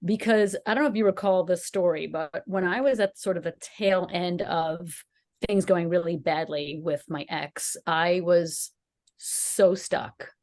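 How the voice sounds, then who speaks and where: A woman's voice: fairly low pitch, steady tone, measured pace, darkish tone. A woman co-hosting a podcast, telling a personal story in casual chat and acting out the quotes with animation. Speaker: podcast co-host.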